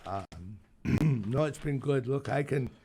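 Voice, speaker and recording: An older man, a retired youth baseball coach telling halting, rambling stories as a radio guest. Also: medium pitch, warm tone, a little hiss or hum. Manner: rambling, halting, many restarts. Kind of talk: casual radio interview storytelling.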